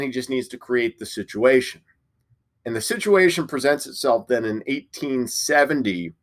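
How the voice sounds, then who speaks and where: A man lecturing on history to a class in a loose, conversational way, with many fillers and restarts. His voice sits at an ordinary mid pitch for a man, and he talks through the material informally. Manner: casual, filler-heavy, frequent restarts. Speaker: history teacher.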